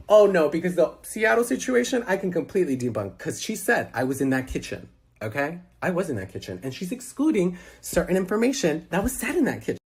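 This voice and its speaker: A man appears as an interview guest and tells a story in a loose, lively way, acting out the quoted lines and swearing freely. His voice sits high and he talks fast.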